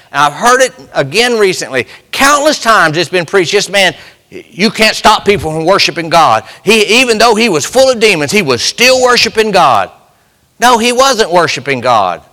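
A man's voice: sits high, pushed and bright. A man preaching a sermon with passion, putting rhetorical questions to the congregation. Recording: long hall reverb.

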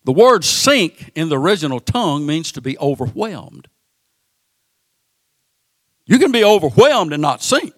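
A man preaching a sermon, often repeating words and pausing on "uh" between phrases. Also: a little high, a bit bright, dry recording, clean studio sound.

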